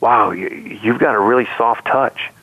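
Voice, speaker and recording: A man's voice: medium pitch, normal speed, husky. A man guest telling a personal story earnestly in a casual conversation, heard over a call line. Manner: earnest storytelling with many restarts. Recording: tinny phone-like line.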